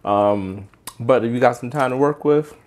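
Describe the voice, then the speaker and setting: A man's voice: medium pitch, normal speed, a little mellow. Guy doing a cooking vlog in his kitchen, hyped and chatty, faint noise behind. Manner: chatty, enthusiastic, talks straight to viewers. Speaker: cooking channel host. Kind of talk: casual cooking vlog, taste test. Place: home kitchen. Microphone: handheld microphone.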